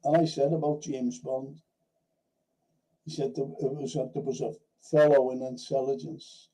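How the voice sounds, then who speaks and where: Gravelly dark-voiced male host. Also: medium pitch, little pitch movement, moderate pace, rough recording. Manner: rambling anecdotal storytelling, frequent restarts; swears casually. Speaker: host of a film and TV review show. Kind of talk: casual livestream chat.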